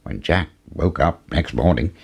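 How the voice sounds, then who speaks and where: A man narrating a fairy tale in an expressive storytelling manner. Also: rumbling low, a little slow, gravelly, breathy edge.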